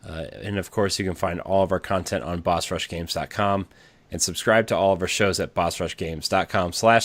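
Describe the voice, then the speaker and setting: A man with a very low voice hosts a casual podcast, rambling along with plenty of filler words and restarts. He is recorded close on a podcast mic in a dry, dead-sounding room. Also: no room sound. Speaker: podcast host.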